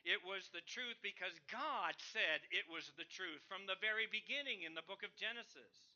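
A male preacher delivers a sermon with a high, piercingly bright voice. He swings from forceful declarations down to quiet, lower asides. The sound is dull and lo-fi. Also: normal speed.

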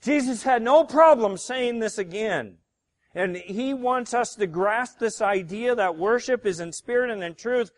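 A man's voice: high-pitched, a little slow. A male pastor preaching a sermon, emphatic and fond of rhetorical questions to his congregation.

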